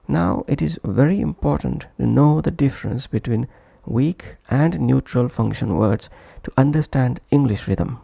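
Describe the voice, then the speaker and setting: A man narrating an English pronunciation lesson, speaking deliberately and repeating example words to show where the stress falls. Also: medium pitch, vocal fry, no room sound, dull audio. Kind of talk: slow scripted lesson narration.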